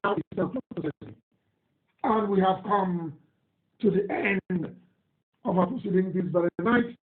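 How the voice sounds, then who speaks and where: His voice sits high and moves at a measured pace as this Nigerian-accented man reads out listener messages on live radio, emphatic, indignant and repeating himself. The tinny, phone-like audio carries an echoey room sound.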